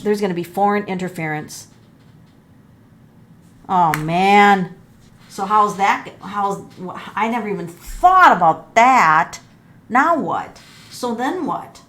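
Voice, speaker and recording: Middle-aged woman tarot reader, chatty, exclaims at each card, mid-pitched voice. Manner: animated, exclaims and gasps at the cards, thinks aloud; talks straight to viewers as folks. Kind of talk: casual tarot reading to camera.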